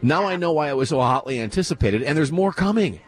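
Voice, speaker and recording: A man's voice: a little high, lively intonation, fast. A man hosting a live radio broadcast from a theme park, gushing with enthusiasm and tripping over his words. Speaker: radio host. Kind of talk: excited live broadcast chat.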